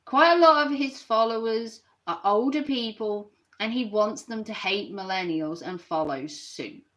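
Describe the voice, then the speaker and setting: A woman's voice: fairly high pitch, measured pace, a bit bright. A woman ranting on a live stream and reacting to her chat, sarcastic and mocking.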